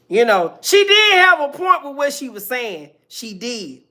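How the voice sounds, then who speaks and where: A woman's voice: sits high, sing-song, a little slow, few pauses, bright, forceful tone. A woman giving casual reaction commentary, blunt and profane, ranting at length.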